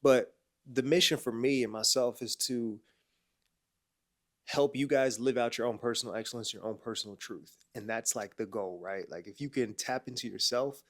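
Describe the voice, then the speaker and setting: A young man in his mid-twenties talks straight to the camera with a stuffed-up, nasal voice. His delivery is casual and slangy, sprinkled with bro and man, and it swings between loud pushes and quiet asides. His pitch sits in an ordinary middle range for a man. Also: normal speed. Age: 20s. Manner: slangy and emphatic, often saying bro and man. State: congested, nasal voice. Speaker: clothing brand owner and entrepreneur. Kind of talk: casual motivational talk to camera.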